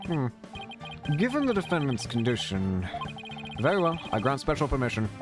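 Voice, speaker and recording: A man's voice: medium pitch, huge pitch swings, moderate pace, over music. A man voicing an exasperated older male judge in a game, sounding weary and put-upon.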